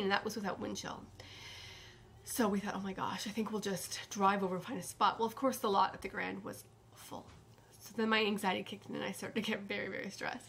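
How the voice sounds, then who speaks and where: A woman's voice: mid-range voice, vocal fry, fairly bright tone, slight background noise. A woman hosting a knitting podcast in casual chat, rambling and often dropping to a whisper.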